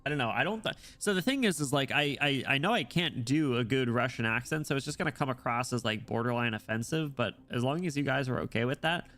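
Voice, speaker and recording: A man streaming as he reads a game story, chatting casually and reacting excitedly as he thinks aloud. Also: mid-range voice, quick pace, hardly any pauses.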